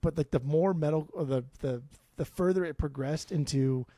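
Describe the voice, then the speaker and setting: A man's voice: a little high, moderate pace, warm tone, no echo. A man in his forties from Southern California, co-hosting a podcast with blunt, profane opinions. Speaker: podcast co-host. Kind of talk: casual podcast chat.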